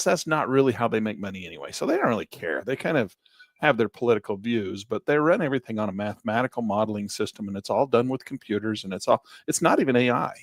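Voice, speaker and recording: A chatty man leads a live trading class, his gravelly voice rising and falling with animated emphasis. He talks close to a dry mic with no room sound. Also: medium pitch, no echo. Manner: chatty, animated, jumps between topics. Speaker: trading instructor.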